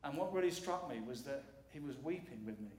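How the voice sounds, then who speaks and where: Middle-aged guy preaching, earnest, repeats stuff for emphasis, slightly high voice, echoey church mic. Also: expressive, brisk, a little mellow. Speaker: guest preacher. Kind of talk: sermon. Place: church sanctuary.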